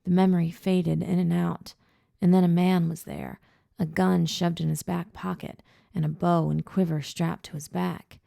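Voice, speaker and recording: A woman narrates an audiobook in a measured, low-key voice. It sits low and gravelly with a dark tone. The recording is dry and close. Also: flat delivery, no room sound. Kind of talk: scripted first-person audiobook narration.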